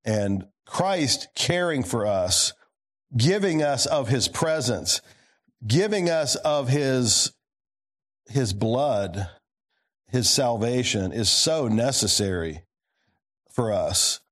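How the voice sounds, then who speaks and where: Animated male preacher, lively pitch. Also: slow, long pauses. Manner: animated, swings between emphatic highs and low quiet asides; asks the congregation questions. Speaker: pastor. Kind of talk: sermon.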